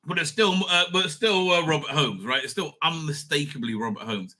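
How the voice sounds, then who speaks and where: Excitable high-voiced middle-aged man. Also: brisk. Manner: excitable, profane and blunt, laughing often, trailing off mid-thought. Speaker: show host reviewing TV episodes. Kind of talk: casual rambling review monologue.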